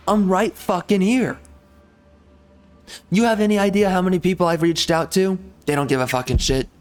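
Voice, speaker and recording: Furious man ranting, fairly high voice. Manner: profane, heated, repetitive. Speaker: gaming YouTuber. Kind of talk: angry rant to camera.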